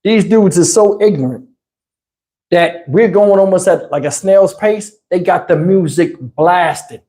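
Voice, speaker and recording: A man telling a profane road story on his channel, animated and cussing, acting out everyone involved. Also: sits high, a little slow. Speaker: channel host.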